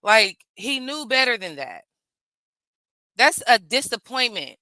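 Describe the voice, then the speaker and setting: A woman's voice: fairly high pitch, very animated, slow, pushed and bright, no room sound. A middle-aged woman, a parent, talking casually as she reacts to a video, stressing points by saying them again and again. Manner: emphatic, repeats phrases for stress.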